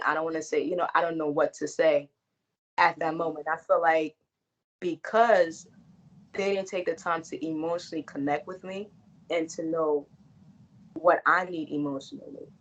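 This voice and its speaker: A woman giving a frank, earnest interview, talking casually and often restarting her sentences. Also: low-pitched. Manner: earnest and frank, with frequent restarts and repeated phrases. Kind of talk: candid conversational interview. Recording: dull lo-fi recording.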